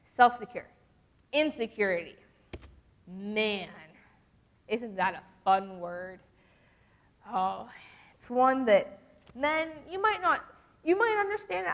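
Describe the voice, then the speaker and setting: A young woman gives a casual, animated devotional talk to a youth group. She often acts out the voices she quotes. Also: a little high, measured pace. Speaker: youth speaker. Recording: long reverb from a large hall.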